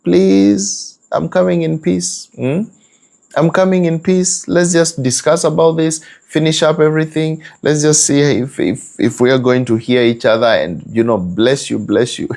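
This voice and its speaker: A man voicing a calm husband, coaxing his wife to make peace. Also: a little high, a little slow, vocal fry, pitched above the performer's own voice. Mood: placating. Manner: coaxing, placating.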